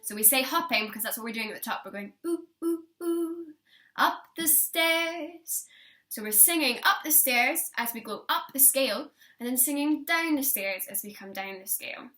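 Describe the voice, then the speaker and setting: Bright-voiced woman leading vocal warm-ups. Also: a little high, animated, a little fast, few pauses, faint music behind. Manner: encouraging, sings demonstration lines for the viewer to copy. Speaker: singing teacher.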